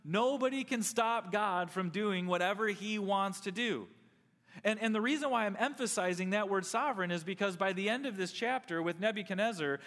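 A man preaching a sermon as pastor, earnest, leaning on slow emphatic stresses. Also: high voice, a bit bright. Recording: long hall reverb.

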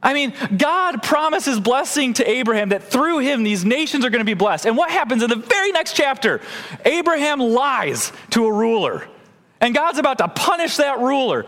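Animated male preacher in a reverberant church. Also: very high voice, normal speed. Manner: animated preaching, acting out quoted voices. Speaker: pastor. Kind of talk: sermon.

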